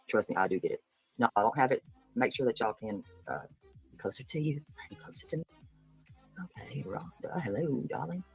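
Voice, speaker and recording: A woman with a rumbling low, husky voice hosts a casual livestream commentary show, heard on a low-quality recording. She greets viewers by name and talks bluntly and indignantly.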